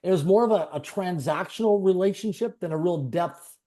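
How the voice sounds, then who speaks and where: His voice sits high and mellow, and he talks a little fast. Being interviewed as a guest, he tells a personal story in earnest conversation, phrases repeating and piling on one another.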